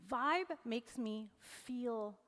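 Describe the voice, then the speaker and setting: A woman's voice: a little high, lively intonation, very slow, a bit bright. A woman in her forties giving a humorous motivational talk to a live audience, teasing and joking as she goes. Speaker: keynote presenter. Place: event hall on stage. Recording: long hall reverb.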